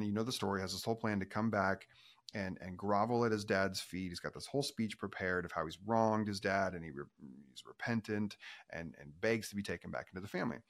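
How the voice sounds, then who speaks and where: A man, a pastor and author, telling a story in a conversational interview, animated and given to restarts. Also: lowish voice. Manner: animated, acts out quoted voices, self-restarting.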